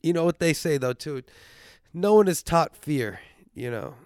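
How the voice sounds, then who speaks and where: A man's voice: on the high side, expressive, unhurried, darkish tone, dry recording, clean studio sound. A sick, congested young man hosting his podcast, rambling and joking with plenty of swearing. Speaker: podcast host. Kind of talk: casual comedic monologue.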